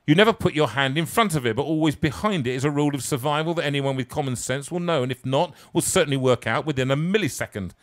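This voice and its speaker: A man's voice: a little high, quick pace, hardly any pauses, close to an everyday voice. A man voicing his old school woodwork teacher, dry and lecturing.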